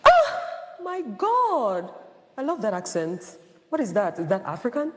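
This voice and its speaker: A woman's voice: a little high, huge pitch swings, unhurried, in a large hall, very noisy, voice pushed up. A woman voicing a gushing, clueless young woman who asks naive questions in a comedy skit. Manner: squealing, wide-eyed.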